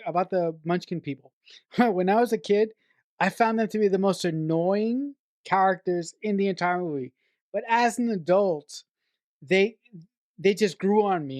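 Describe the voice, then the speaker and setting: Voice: mid-range voice, darkish tone, no room sound. A podcast co-host discussing a film in casual chat, thoughtful, often restarting sentences and laughing now and then. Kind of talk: casual movie-review chat.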